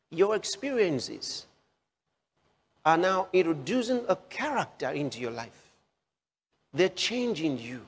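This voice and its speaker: Emphatic male preacher in a reverberant hall. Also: high voice. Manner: slow, emphatic repetition of phrases. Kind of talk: sermon.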